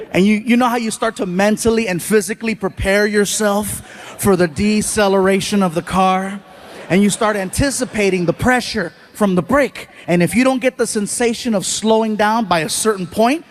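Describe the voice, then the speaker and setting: High-voiced animated stand-up comedian, man. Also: a little hiss or hum. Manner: animated, acts out voices and shouts. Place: comedy stage before a live audience.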